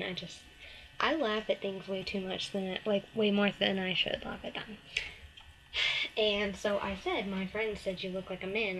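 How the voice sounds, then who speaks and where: A woman's voice: fairly bright tone, slight background noise, poor audio. A teenage girl telling a story to her camera in a casual chat, full of fillers like "like" and "um", acting out the other girl's lines. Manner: chatty, lots of "like" and "um", acts out the other girl in a snippy higher voice. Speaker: vlogger.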